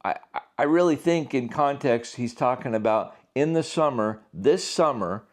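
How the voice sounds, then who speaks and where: A man's voice: mid-range voice, animated, moderate pace. A man, an author, speaking casually and emphatically in an unscripted monologue. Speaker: author and prophecy commentator.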